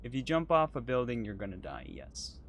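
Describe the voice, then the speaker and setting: A man's voice: medium pitch, big pitch swings, fairly quick, creaky. A man co-hosting a casual chat while playing a game, hesitant and apologetic, with lots of ums. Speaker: podcast co-host playing a driving game.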